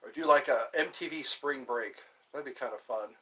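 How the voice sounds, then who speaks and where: A man chatting alone on a livestream, rambling slowly from thought to thought with the odd laugh. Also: mid-range voice, fairly bright tone. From US East Coast. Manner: slow, meandering, talks to himself, laughs. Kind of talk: rambling solo livestream chat.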